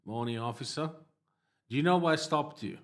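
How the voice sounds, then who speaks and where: A man's voice: fairly high pitch, a little fast, voice pushed up, close to an everyday voice. A man doing a good-natured older traffic cop. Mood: amused questioning. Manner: amused, easygoing questioning.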